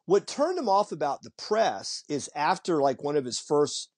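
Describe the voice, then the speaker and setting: Here a man talks at an ordinary pace in a fairly high register, appearing as a guest on a podcast. His casual storytelling is lively, complete with impressions of the people in his tales.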